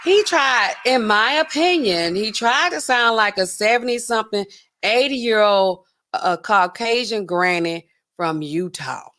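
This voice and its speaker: A woman's voice: mid-range voice, a little slow. A woman hosting a livestream, chatting casually and talking straight to her viewers. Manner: chatty and animated, talks straight to her chat. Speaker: livestream host.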